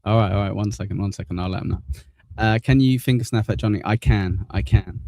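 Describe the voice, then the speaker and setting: A man's voice: lowish voice, fairly even intonation, a little fast, darkish tone, no echo. A man hosting a casual live stream, blunt and swearing, reading viewer messages aloud.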